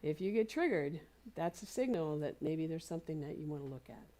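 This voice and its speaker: Woman minister preaching, soft encouraging tone, lowish mellow voice, repeats stuff slow for emphasis. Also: animated. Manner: gentle, encouraging, repeats phrases slowly for emphasis. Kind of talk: sermon. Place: spiritual community center.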